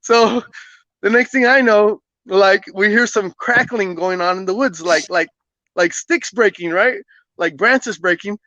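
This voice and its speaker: A man who is a podcast guest, casually telling a personal story in an animated way, often laughing and acting out what people said. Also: high voice, unhurried, dry recording, lo-fi sound.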